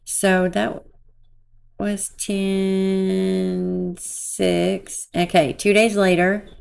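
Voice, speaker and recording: A woman talks through a casual commentary at an unhurried, drawn-out pace. She sounds amused and chatty and laughs often, with a voice of middling pitch for a woman. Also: level tone, gravelly, a little mellow, clear, resonant tone. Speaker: commentary channel host. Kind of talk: casual true-crime commentary, reading messages aloud.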